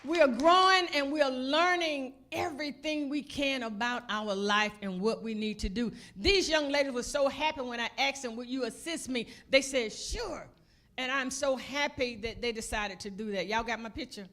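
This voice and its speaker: A woman's voice: high-pitched, normal speed, hardly any pauses, fairly bright tone, some chatter behind. A woman joking and chatting on a church stage as she introduces her daughter. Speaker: mother introducing the speaker.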